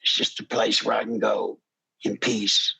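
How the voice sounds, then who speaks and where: There's a rough recording of an older political talk radio host whose gravelly, impassioned monologue turns pleading and escalates into shouting. His pitch runs low with little movement, and his pace is moderate.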